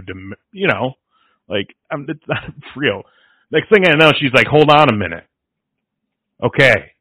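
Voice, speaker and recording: A man's voice: on the low side, dry recording. Casual male podcast host, rambling storyteller who laughs a lot, dry phone-like audio. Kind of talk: casual chat. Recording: dry tinny phone-like sound.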